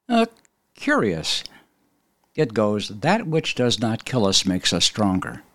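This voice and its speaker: Wry male talk show host, lively pitch. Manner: wry, sardonic, reads quotes aloud with dry asides. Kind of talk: conversational political commentary monologue.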